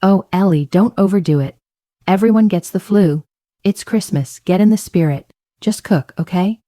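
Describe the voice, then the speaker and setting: A woman's voice: medium pitch, normal speed, warm tone, no echo, studio quality, pitched above the performer's own voice, lightly acted. A woman voicing a bossy, dismissive mother-in-law giving orders over the phone, in a raised, chirpy voice.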